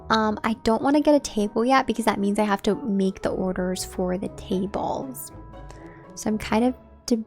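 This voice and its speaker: Woman streamer, casual game-stream chat, mid-pitched voice, faint game music underneath. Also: moderate pace, a little mellow. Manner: chatty, talks straight to her chat. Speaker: live streamer.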